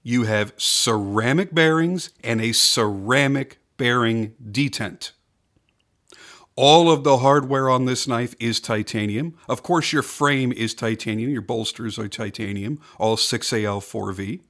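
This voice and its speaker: Male product reviewer, mid-range pitch, casual and emphatic, leans on repetition. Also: measured pace, a bit bright. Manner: enthusiastic, emphatic, repeats points for stress. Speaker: knife reviewer.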